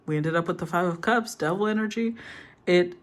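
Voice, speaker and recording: A woman's voice: lowish voice, fairly quick. A woman giving a casual tarot reading, soothing in tone, thinking aloud and rephrasing as she goes. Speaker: tarot reader.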